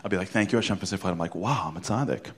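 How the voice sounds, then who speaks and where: A middle-aged man tells a story to a crowd, with a slightly low voice. He acts out every line of dialogue with theatrical flair and swings from loud bursts down to near whispers. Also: rapid-fire. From Brooklyn, New York. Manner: theatrical, acts out dialogue, drops to a hush for punchlines. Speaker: motivational speaker. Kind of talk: animated storytelling talk.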